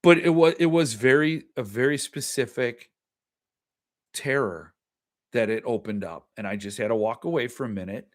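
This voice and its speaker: A middle-aged man with a mid-range voice speaks at normal speed as host of a casual livestream. He chats and reacts to viewer comments, frequently trailing off and starting his sentences over.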